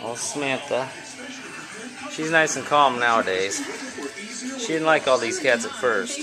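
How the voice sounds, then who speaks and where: Indoors at home, a man films his cats on a handheld camera, chatting casually and cooing at them in a raised voice. His medium-pitched voice is expressive and a little slow, with long pauses, and music plays underneath.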